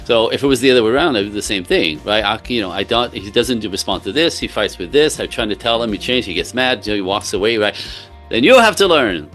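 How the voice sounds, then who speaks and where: A man's voice: lowish voice, quick pace, hardly any pauses, a bit bright, faint music behind. A man speaking as a relationship coach in casual podcast talk, earnest and emphatic, often laughing between points.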